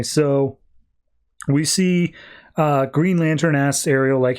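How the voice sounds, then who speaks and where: A man's voice: fairly high pitch, steady tone, slow, pauses often, clear, resonant tone. A man hosting a podcast, casually retelling a plot in a loose style full of fillers. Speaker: podcast host. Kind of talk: casual comics recap.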